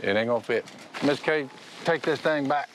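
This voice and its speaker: A man's voice: medium pitch, moderate pace, heavy background noise. A father, folksy and dryly teasing his family. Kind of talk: reality show banter. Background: music.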